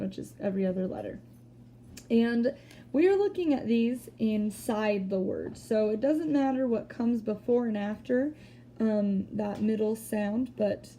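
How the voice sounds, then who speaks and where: Patient woman with a dark, gravelly voice. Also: medium pitch, a little hiss or hum. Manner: patient, explains step by step; slow deliberate word-by-word sounding out. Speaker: teacher. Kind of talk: spelling lesson for children, recorded video.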